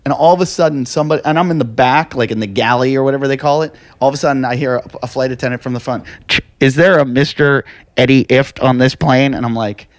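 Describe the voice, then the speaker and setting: A man's voice: medium pitch, fast. A man hosting a podcast who tells stories in a casual, comedic way, acting out the dialogue and swearing freely. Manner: animated, acts out quoted dialogue, swears freely.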